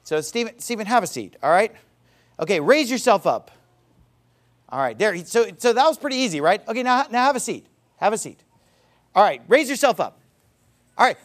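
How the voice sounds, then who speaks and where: A man preaching with an animated, emphatic delivery, his voice set high and swinging widely in pitch. He drives each point home by repeating phrases and firing rhetorical questions at his listeners. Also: brisk, long pauses. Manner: calls a congregation member up for a live illustration. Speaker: pastor. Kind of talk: sermon.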